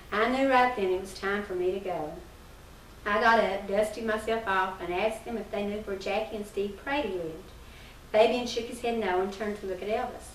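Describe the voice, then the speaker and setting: A woman reading a humorous first-person short story aloud in a measured storytelling delivery, with a few small slips. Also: medium pitch, a bit bright. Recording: roomy distant early-1990s recording with faint hiss.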